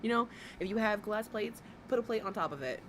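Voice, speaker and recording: A woman's voice: medium pitch, expressive, a little fast, a little hiss or hum. A woman hosting a livestream, giving blunt, profane, exasperated commentary as she reacts to a video.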